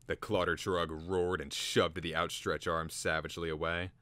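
A man's voice: low-pitched, flat delivery, moderate pace, hardly any pauses, bright, forceful tone, no room sound. A man giving a theatrical, dramatic reading of a fantasy story. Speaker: reader.

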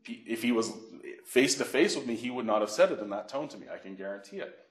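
A middle-aged man from Canada, a financial educator giving a workshop, telling animated stories and acting out phone calls. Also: mid-range voice, quick pace. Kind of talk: workshop presentation with anecdotes. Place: library meeting room. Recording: echoey room.

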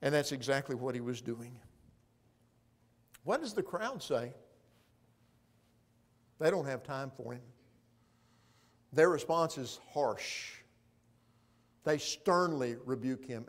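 A man preaching a sermon in a church, moving between loud proclaiming and quiet, hushed appeals. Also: medium pitch, unhurried, pauses often. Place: church sanctuary.

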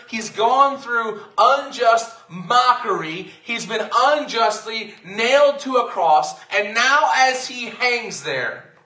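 A man with a high, bright voice preaching from the pulpit, taking his time over each phrase as he reads scripture and explains it. He sounds echoey and a little distant, picked up in a church hall. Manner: reads scripture aloud, then explains it slowly and earnestly. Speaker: pastor. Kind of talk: sermon. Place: church sanctuary.

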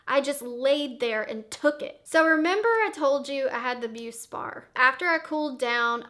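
A young woman vlogger telling a dramatic story in a casual, profane, animated way. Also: sits high.

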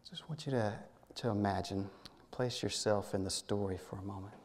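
In a church sanctuary, a minister leads a guided prayer meditation, his rather low voice gentle and halting. He often repeats words and sinks into a soft hush, while a long reverb tail trails behind him.

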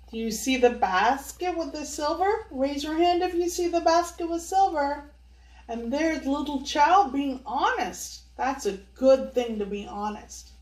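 Older woman reading aloud, animated and slow. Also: high voice. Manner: playful, coaxes children to join in. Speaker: storyteller host. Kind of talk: children's storybook read-aloud. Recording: echoey room, voice from far off.

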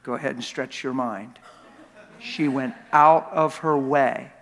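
A man's voice: medium pitch, slow pace, fairly bright tone. A man preaching a sermon in a large church, telling his story in an impassioned, confessional way. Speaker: guest preacher. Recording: long church reverb.

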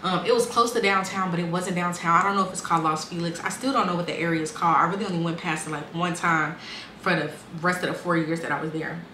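Speaking fast in a low-leaning, pushed and bright voice with fairly even intonation, a young woman bluntly and casually recounts her life, cursing freely and mimicking what others said. Faint ambient noise fills the echoey room she's recorded in.

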